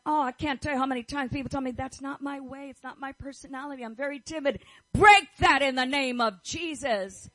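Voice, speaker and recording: Fervent high-voiced woman preaching. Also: brisk, fairly bright tone, no room sound, low-quality recording. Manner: fervent, declaring, repeats phrases. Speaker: pastor's wife preaching. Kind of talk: sermon.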